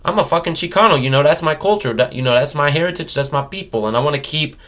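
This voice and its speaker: A man's voice: on the high side, expressive, fast talker, pushed and bright. Emphatic, profane man rapper in an interview. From United States. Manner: profane, emphatic, many "you know" fillers. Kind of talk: casual interview talk.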